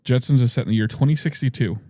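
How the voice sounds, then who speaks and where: A man's voice: medium pitch, very fast, warm tone, no echo. A man co-hosting a podcast in casual chat, chiming in with dry, factual remarks.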